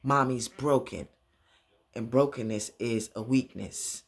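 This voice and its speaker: A man retelling a TV scene, voicing a stern father who lectures his young daughter, only a little louder than his own voice. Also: medium pitch, slow, gravelly, breathy edge, exaggerated voice.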